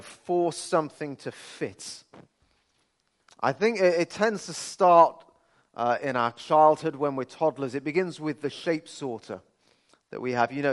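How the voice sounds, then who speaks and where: Male preacher at a church service, a touch high-pitched, conversational and earnest with light humor. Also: a bit bright. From Birmingham, England. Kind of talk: sermon. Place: church service, streamed online.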